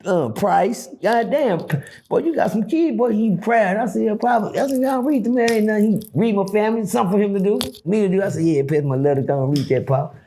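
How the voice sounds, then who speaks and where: Animated gravelly-voiced man telling stories. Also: quick pace. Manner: acts out voices, swings pitch widely, swears freely. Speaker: guest telling prison stories. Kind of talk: animated storytelling.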